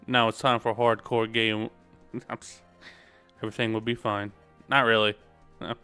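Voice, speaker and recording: Streamer pria santai yang bercanda. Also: male voice, fairly low pitch, flat delivery, normal speed, pushed and bright, clean tone, faint music behind. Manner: casual, joking, rambling. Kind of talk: game stream commentary.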